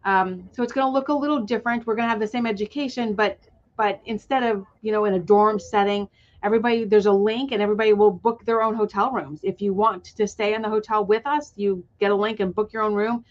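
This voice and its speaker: A woman's voice: mid-range voice, steady tone, quick pace. Enthusiastic woman on a lo-fi call. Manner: enthusiastic, rambling with fillers. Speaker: guest, retreat organizer. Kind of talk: webinar conversation.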